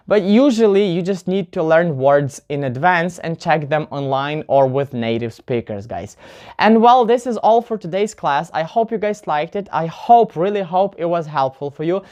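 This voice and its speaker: Woman, pronunciation teacher, low voice, casual video lesson, chatty, stresses words aloud as examples. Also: darkish tone. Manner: chatty, often addresses viewers as "guys"; explains slowly, demonstrating word stress aloud.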